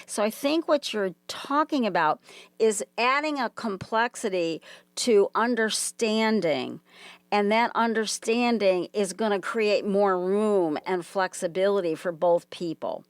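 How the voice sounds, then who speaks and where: A woman's voice: medium pitch, unhurried, dry recording. Woman interviewer with a dry voice. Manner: affirming, summarizing the guest's points. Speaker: interviewer host. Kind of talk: casual interview talk.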